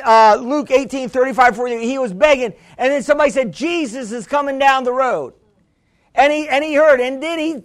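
Preaching in a strikingly high voice, this man swings from fervent shouting back down to conversational talk. He restarts frequently and keeps calling to the congregation.

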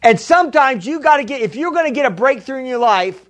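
A man's voice: extremely high pitch, animated, fast. A man preaching a sermon as pastor, emphatic and repetitive, calling out to the congregation. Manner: emphatic preaching, repeats key lines, calls to congregation.

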